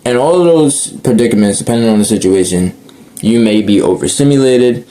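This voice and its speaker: A man's voice: medium pitch, expressive, brisk, mellow, a little hiss or hum. A young man talking casually and earnestly outdoors, rambling and correcting himself as he goes. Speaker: speaker sharing reflections. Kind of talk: casual unscripted monologue.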